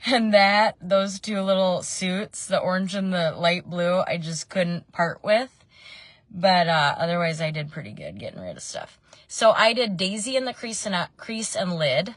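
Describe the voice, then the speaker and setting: A woman's voice: on the low side, animated, unhurried, no echo. A woman in her thirties chatting casually while doing her makeup in a parked car, meandering between tips and family news with frequent ums. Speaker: makeup vlogger. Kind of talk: casual makeup tutorial chat.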